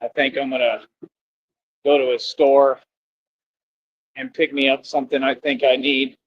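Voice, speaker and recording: A man's voice: mid-range voice, little pitch movement, unhurried, muffled recording, a little hiss or hum. A man ranting boastfully and scornfully on a live stream.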